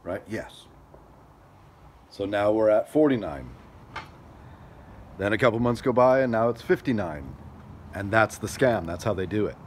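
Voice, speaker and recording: A man's voice: on the low side, normal speed, long pauses, slight background noise. Chatty man telling a story outdoors. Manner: chatty, animated storyteller who acts out others' lines. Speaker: outdoor gear vlogger. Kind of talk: casual storytelling vlog. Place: outdoors at a storage unit facility.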